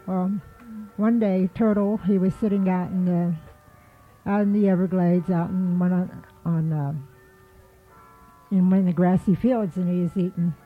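A woman telling an animal folk tale in a relaxed, rambling storytelling manner. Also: fairly low pitch. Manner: relaxed, with frequent fillers and restarts. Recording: tinny phone-like line with faint music.

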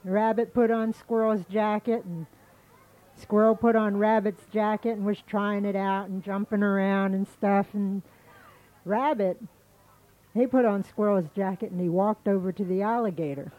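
A woman telling an animal folktale aloud in a homely, unhurried storytelling manner. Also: mid-range voice, fairly even intonation, narrow, tinny audio.

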